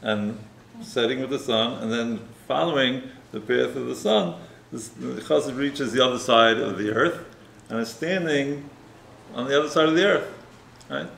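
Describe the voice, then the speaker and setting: A male rabbi delivers a sermon in a relaxed, conversational storytelling manner, checking in with listeners through frequent tag questions. His voice sits at a middle pitch. The room echoes noticeably, and faint noise sits underneath. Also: normal speed, creaky. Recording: roomy echo, faint noise.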